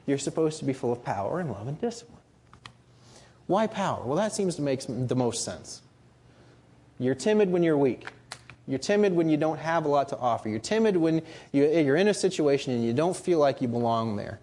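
Male preacher, husky tone, animated delivery, earnest and emphatic. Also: on the high side, normal speed. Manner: earnest, rising to emphatic rhetorical questions. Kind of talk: sermon.

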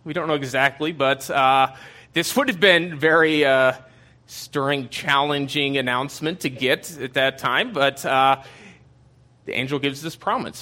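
A man's voice: medium pitch, a little slow, bright, forceful tone. A man giving a casual Bible teaching in a conversational way, with many fillers and asides.

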